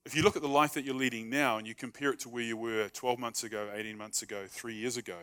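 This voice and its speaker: A man's voice: medium pitch, steady tone, fast, bright, forceful tone, clean tone. A man preaching a sermon in a conversational, humorous way, acting out short everyday dialogues. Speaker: pastor.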